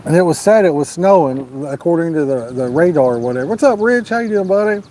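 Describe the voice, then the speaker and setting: Man, slightly high voice, relaxed livestream chatter, faint outdoor hiss. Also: fast. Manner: laid-back, drawling, urges viewers to like and subscribe. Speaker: fishing livestream host. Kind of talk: casual live-stream chat, reading viewer comments. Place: outdoors at a lake at night, storm nearby.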